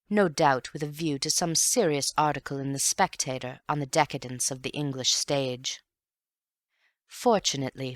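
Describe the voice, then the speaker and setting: A woman with a low voice reads a classic mystery aloud in a measured, wry way. The sound is dry and close, with no room around it. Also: dry recording. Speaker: audiobook narrator. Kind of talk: scripted narration.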